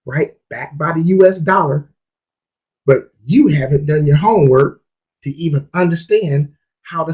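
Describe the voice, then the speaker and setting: A man's voice: fairly high pitch, breathy edge, low-quality recording. A man hosting a podcast, talking about investing in a casual, emphatic way, repeating himself to drive points home. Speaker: podcast host.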